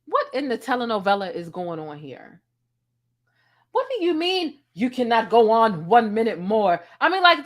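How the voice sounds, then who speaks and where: A woman vlogger talks casually from home in a bright, higher-pitched voice. She is blunt, sassy and unafraid to swear. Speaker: trial commentary vlogger. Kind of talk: casual commentary.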